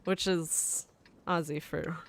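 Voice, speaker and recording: A woman's voice: sits low, fairly even intonation, slow. A woman hosting a gaming livestream, reading chat aloud in a rambling, casual way and laughing often. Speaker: livestream host.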